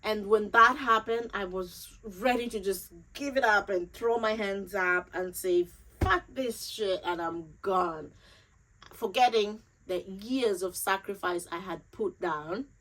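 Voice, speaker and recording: A young woman speaks straight to her viewers about a recent loss, earnest and emotional. She circles back and repeats her words for emphasis, and her voice sits at an ordinary middle pitch for a woman. Grief still colors how she talks. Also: unhurried, a bit bright, low-quality recording. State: grieving. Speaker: vlogger. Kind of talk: personal storytelling to camera.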